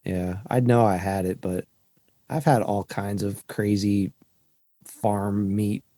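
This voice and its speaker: A man's voice: fairly low pitch, steady tone, slow, mellow, no echo, studio quality. A man co-hosting a podcast in casual chat, laughing and swearing as he retells family stories. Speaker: podcast co-host.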